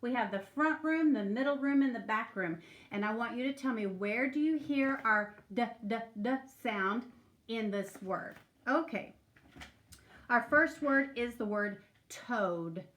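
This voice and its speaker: A woman's voice: a little high, animated, a little slow, fairly bright tone. A woman teacher leading a remote phonics lesson for young children, patiently prompting and stretching out sounds.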